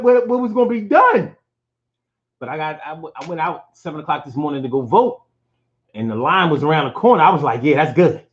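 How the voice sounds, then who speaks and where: A man's voice: sits high, muffled recording. A man hosting his own show, talking in a loose, slangy, profane way and breaking into rhymed riffs. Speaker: podcast host. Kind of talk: casual election-night monologue.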